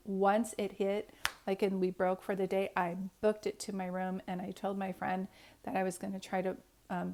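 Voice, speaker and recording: A woman's voice: mid-range voice, darkish tone. A woman, a psychic medium, earnestly telling a personal story to camera in a rambling way, often restarting her sentences.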